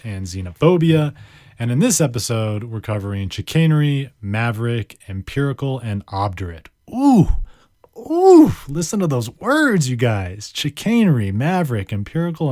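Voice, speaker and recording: A man's voice: medium pitch, a little mellow, no echo, clean studio sound. A man hosting a solo vocabulary podcast, playful and chatty, drawing out words and joking at his own expense. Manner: playful, chatty, self-deprecating, draws out words. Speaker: podcast host. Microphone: studio microphone.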